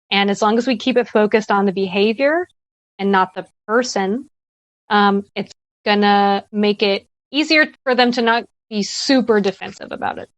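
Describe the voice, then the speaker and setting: A woman's voice: mid-range voice, moderate pace, no echo, highs cut off. A woman presenting at a virtual summit, giving earnest, conversational advice and often checking in with "right?". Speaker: workshop presenter. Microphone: video call.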